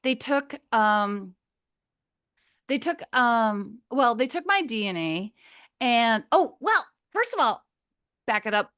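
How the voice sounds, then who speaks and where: As a podcast guest, a Minnesota woman in her fifties chats her way through a long personal story, wandering onto tangents, cursing freely and laughing often. Her voice is a little high, a bit bright and smooth.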